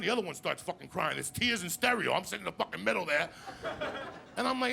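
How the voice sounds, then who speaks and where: A man tells crude stand-up stories on a live stage. His voice is gravelly and fairly high for a man. The crowd can be heard clearly behind the stage mic. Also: expressive, a little hiss or hum. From New Jersey. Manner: crude, loud, rapid storytelling, repeating "you understand me?". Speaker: stand-up comedian. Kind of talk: stand-up comedy set. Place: live comedy stage with audience.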